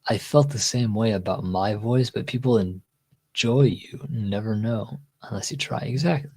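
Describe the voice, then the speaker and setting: A male streamer chatting casually and calmly with his audience. His voice is dark and mellow, a little husky, easygoing in its rhythm. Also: on the low side, a little slow, poor audio. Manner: relaxed, chatty, reads out chat and answers. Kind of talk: casual chat.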